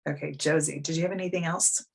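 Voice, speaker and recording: A woman's voice: low-pitched, fairly even intonation, fast talker, creaky, husky. A woman life coach hosting a live video coaching call, talking frankly and bluntly in a casual, chatty way.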